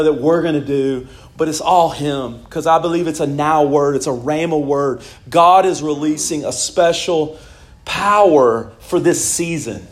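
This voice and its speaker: A man preaching a sermon in a relaxed, conversational way, telling personal stories and often breaking into laughter. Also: fairly high pitch. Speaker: pastor. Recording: echoey room.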